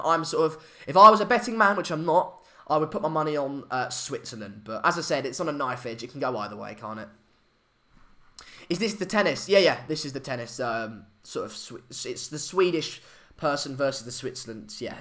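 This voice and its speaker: A man's voice: on the high side, bright, forceful tone. A young man, hosting a casual live stream chat, hesitant with many fillers and restarts. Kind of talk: casual live match chat, reading comments.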